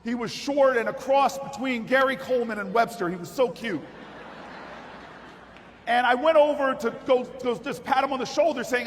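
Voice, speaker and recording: A man giving a rousing political speech at a party convention, telling a story and building to shouted, repeated calls. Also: very high-pitched, normal speed. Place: large convention hall with audience. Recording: echoey hall with crowd noise.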